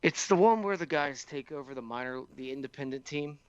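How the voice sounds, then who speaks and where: A man's voice: mid-range voice, brisk, clean tone, muffled recording. A man co-hosting a podcast, venting sarcastic complaints in casual chat. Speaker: podcast co-host.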